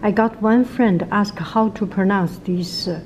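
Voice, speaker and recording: Slow, mellow Chinese-accented woman teaching. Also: mid-range voice, a little hiss or hum, rough recording. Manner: repeats sounds many times, slow and patient. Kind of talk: casual video lesson.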